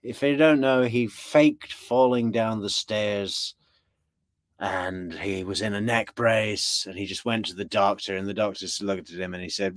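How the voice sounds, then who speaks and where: A man's voice: on the low side, fairly even intonation, unhurried, dry recording. A man giving casual true crime commentary with joking, sarcastic asides.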